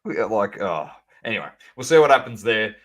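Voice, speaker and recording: A man co-hosting a sports podcast, chatting casually and animatedly, calling out to the audience as ladies and gentlemen. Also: on the low side, moderate pace. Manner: animated, banter-heavy, addresses listeners as ladies and gentlemen. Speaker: podcast co-host.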